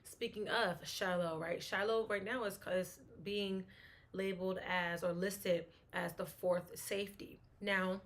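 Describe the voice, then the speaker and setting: A woman's voice: mid-range voice, fairly even intonation, measured pace. A woman hosting a casual solo sports talk show, chatting and thinking aloud, often restarting her sentences.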